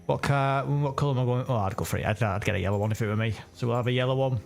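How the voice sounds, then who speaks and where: A man's voice: mid-range voice, very fast, creaky, soft background music. A man chatting casually and correcting himself while commenting on a racing game live. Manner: chatty, rambling, self-correcting. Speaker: sim racing streamer.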